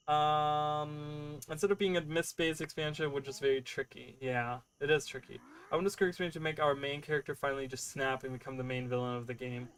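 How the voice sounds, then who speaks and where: Chatty streamer man, slightly high voice. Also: steady tone, moderate pace, fairly bright tone, clean tone. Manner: rambling, filler-heavy, keeps checking in with "right?"; answers chat questions while playing. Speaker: game streamer. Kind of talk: casual livestream chat.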